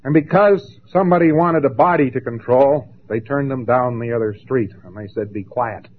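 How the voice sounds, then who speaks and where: A man giving a lecture, emphatic and dramatic, with long pauses and mocking asides. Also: medium pitch. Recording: tinny lo-fi old recording.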